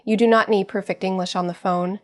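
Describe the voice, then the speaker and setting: A woman giving scripted teaching narration for an English lesson, speaking slowly and clearly at an even pace. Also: medium pitch. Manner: slow, clear, evenly paced delivery.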